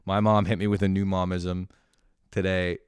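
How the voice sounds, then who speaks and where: Male comedian host, low smooth voice, swears freely, animated rambling storyteller, close dry sound. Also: normal speed, no echo.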